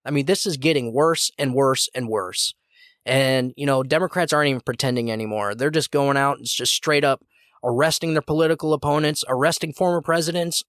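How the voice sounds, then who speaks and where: A man's voice: medium pitch, brisk, fairly bright tone, no room sound, studio quality. A man hosting a podcast, delivering a heated, repetitive political commentary monologue. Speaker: podcast host.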